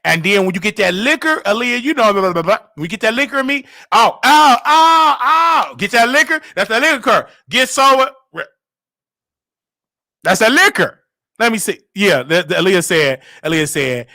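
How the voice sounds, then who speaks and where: A Southern US man hosting a live online show, his voice high and bright and leaping all over the place. He swings from loud hype to soft murmured asides, sounding close and dry on the mic. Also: moderate pace, no echo. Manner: animated, sing-song, swinging between loud and hushed. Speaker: host. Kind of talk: casual livestream talk.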